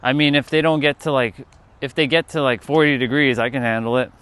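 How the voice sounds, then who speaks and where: A man with a Canadian accent livestreams outdoors on his phone, rambling and thinking aloud as he walks down a city street. His mid-range voice is smooth and fairly bright, with fairly even intonation and a fairly quick pace.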